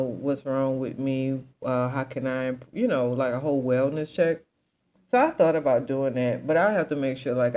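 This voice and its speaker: Her voice is low-pitched and warm, though the recording quality is low. She's a young adult woman hosting a laid-back commentary chat, drifting through asides and constantly quizzing her listeners.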